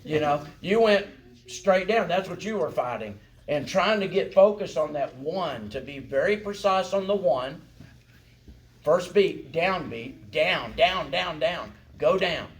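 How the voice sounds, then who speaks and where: Teaching song leading for congregational singing, a man speaks a little slowly in an animated voice on the high side. His style is folksy and encouraging, and he frequently asks "right?" or "okay?".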